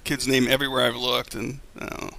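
A man's voice: mid-range voice, little pitch movement, quick pace, gravelly, sharp tone, no echo. A man hosting a show, chatting casually and rambling easily about what he watched. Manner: rambling, easygoing. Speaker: show host. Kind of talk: casual chat.

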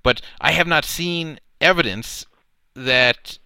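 A man's voice: on the high side, takes it slowly, pushed and bright, smooth, dry recording. A man hosting a casual talk show, stammering and cautious as he talks things through. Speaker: podcast host.

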